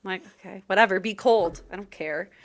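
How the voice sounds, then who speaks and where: A young adult woman co-hosts a casual podcast recapping a festival, telling stories with acted-out quotes and laughing often. Her voice is mid-range and she talks a little fast.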